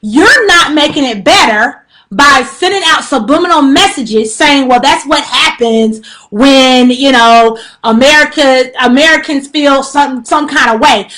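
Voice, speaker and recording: A woman giving a spiritual message on a live stream, recorded by phone, speaks in a high, fairly bright voice at a measured pace. Her direct plea is impassioned, preachy and emphatic, repeating warnings and pleas amid casual slang and frequent fillers.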